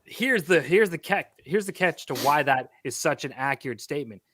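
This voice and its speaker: A man co-hosting a podcast in casual chat, emphatic and animated, laughing between points. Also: fairly high pitch, moderate pace, no room sound, studio quality. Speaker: podcast co-host.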